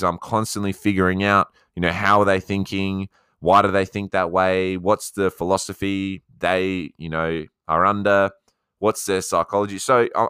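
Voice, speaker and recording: A low-pitched Australian man talks through his solo podcast on a close mic. His voice is smooth and resonant, and the recording is dry with no room sound. He speaks casually and often answers questions he imagines his listeners asking. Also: a bit bright, no echo. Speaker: podcast host.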